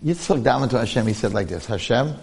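A man giving a lively Torah class, storytelling and asking rhetorical questions while acting out the people he quotes. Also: medium pitch, fast talker, vocal fry, husky. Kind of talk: animated Torah lecture with storytelling. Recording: long hall reverb.

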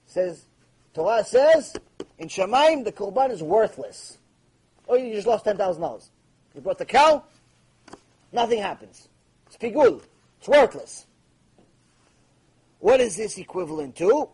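A man's voice: high voice, very animated, moderate pace, a little mellow, breathy edge, low-quality recording. A man giving a live Torah lecture, emphatic and repeating his key points, acting out imagined prayers. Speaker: Torah teacher.

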